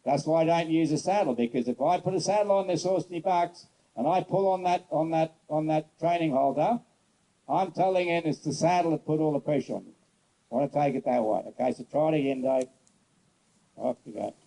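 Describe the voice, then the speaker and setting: A man horse trainer giving a casual outdoor demonstration, telling stories bluntly and coaxing a horse softly. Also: a little high, fairly quick, poor audio. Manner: casual, rambling, blunt storyteller; soft coaxing talk to the horse. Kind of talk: demonstration lesson with storytelling.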